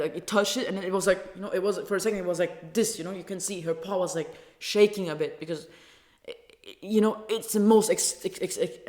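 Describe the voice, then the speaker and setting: A woman from Turkey, a native Turkish speaker, ranting in English with heated, profane talk and stumbling restarts. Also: on the low side. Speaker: vlogger. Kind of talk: angry casual rant.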